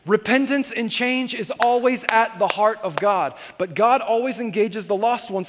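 A man's voice: high-pitched, normal speed, hardly any pauses, big-room sound, slight background noise. A male pastor preaching a sermon in a conversational, emphatic way, repeating his key points.

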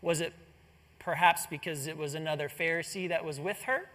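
Preacher guy telling a bible story, high bright voice, big echoey church sound. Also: fairly quick. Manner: storytelling preacher, rhetorical questions, earnest. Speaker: pastor. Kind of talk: sermon.

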